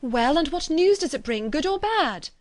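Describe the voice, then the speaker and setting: A woman voicing an eager young woman who presses for news in a breathless, high rush. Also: huge pitch swings, moderate pace, gravelly, a bit bright, husky, dry recording, heavily acted.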